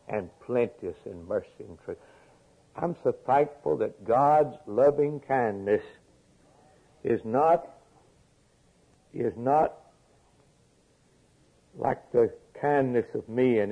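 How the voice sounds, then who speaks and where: A man preaching a sermon, repeating phrases and swinging from emphatic peaks to quiet low lines. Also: animated, measured pace, pauses often, slightly rough. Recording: tinny phone-like lo-fi recording.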